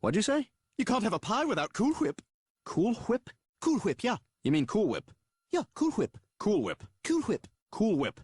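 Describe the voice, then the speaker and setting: A cartoon character from an animated sitcom. He leans hard on each syllable and swoops up and down in a breathy, lively voice. The sound is dry and close. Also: high voice, no echo, exaggerated voice. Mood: insistent. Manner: drawn-out, exaggerated word stress. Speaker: cartoon character in a played clip.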